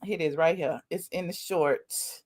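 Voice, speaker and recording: A woman's voice: deep voice, normal speed, a little mellow. A woman hosting a live-stream commentary show, talking in a sassy, emphatic way straight to her viewers.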